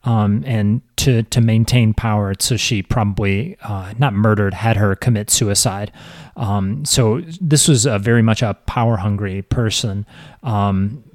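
A man's voice: on the low side, dry recording. Hesitant man explaining history, very dry sound. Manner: halting, many restarts, explaining history. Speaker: podcast host. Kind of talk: casual chat.

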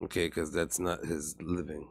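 Deep-voiced podcast co-host man. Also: level tone, normal speed, vocal fry, slightly rough. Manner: reads out chat arrivals, brief interjections. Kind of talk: casual podcast banter.

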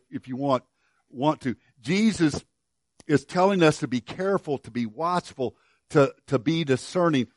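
A man's voice: on the high side, no room sound, studio quality. An older man preaching a sermon as pastor, telling a folksy story with many restarts and repeated words.

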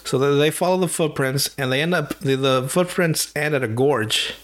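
A man with a slightly raised voice hosting a loose, casual podcast. He recounts a story with plenty of swearing and jumps into quick impressions of the people in it. His delivery is lively and chatty. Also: a little high. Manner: animated, profane storyteller with voices and laughs. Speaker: podcast host. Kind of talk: casual chat, retelling a cartoon plot.

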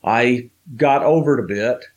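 A man, a guest on an interview show, slowly telling a personal story with many fillers and pauses. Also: mid-range voice. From Southern United States. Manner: slow, halting storytelling with fillers.

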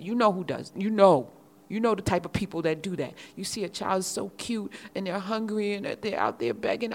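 A woman's voice: medium pitch, expressive, brisk. A woman hosting a casual podcast monologue, talking with passion and firing off emphatic rhetorical questions. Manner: repeats words when starting a thought. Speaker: podcast and radio host.

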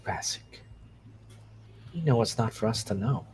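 A man voicing a calm, secretive female half-elf agent in a tabletop game, speaking quietly and evenly. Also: fairly low pitch, unhurried, slight background noise. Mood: hushed. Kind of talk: tabletop role-play.

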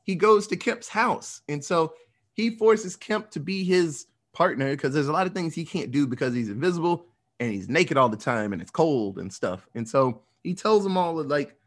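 A man's voice: on the high side, animated, moderate pace. Rambling, swearing man recapping a film. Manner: rambling, swearing, laughing storyteller. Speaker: podcast host. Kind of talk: casual movie recap.

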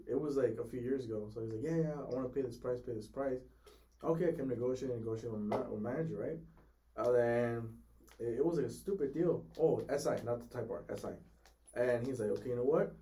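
A podcast co-host who sells cars swaps sales stories in a casual chat, talking fast and voicing his customers in quotes. His voice is medium-pitched and warm, picked up by a distant mic.

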